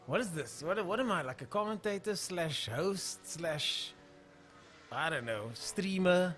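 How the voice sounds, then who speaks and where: Chatty South African race commentator. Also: male voice, a little high, lively intonation, normal speed, fairly bright tone, soft background music. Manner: chatty, reads viewer comments aloud between races. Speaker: commentator and live-stream host. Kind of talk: casual live-stream race commentary.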